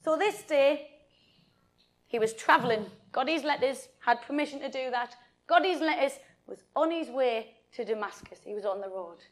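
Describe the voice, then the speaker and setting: A woman telling a Bible story to children and adults in an animated way, often addressing her listeners directly. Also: sits high, normal speed.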